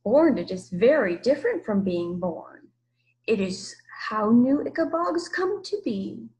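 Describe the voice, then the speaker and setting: A woman reading aloud and voicing an enormous, gentle old monster that speaks slowly and solemnly, sometimes dropping to a hush. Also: a little high, sing-song, heavily acted, poor audio. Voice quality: slow deliberate speech, hushed at times.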